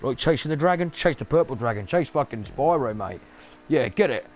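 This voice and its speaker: A man's voice: mid-range voice, lively intonation, a little fast, a little hiss or hum, close to an everyday voice. A man voicing a pushy male street hustler who swears through a wheedling hard sell.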